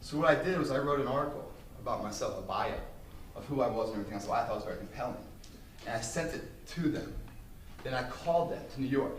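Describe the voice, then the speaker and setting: A man giving a speech to an audience, telling brash, profane, animated stories. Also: mid-range voice, fast talker, slight background noise. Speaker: motivational speaker. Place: room with an audience. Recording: roomy, distant mic, faint ambience.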